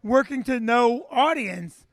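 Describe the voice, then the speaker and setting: A man hosts a comedy show and rambles jokingly between acts. His voice sits very high for a man. The sound is dry and close. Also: expressive, takes it slowly, dry recording. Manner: chatty, loose and joking. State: hard of hearing. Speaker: comedian host.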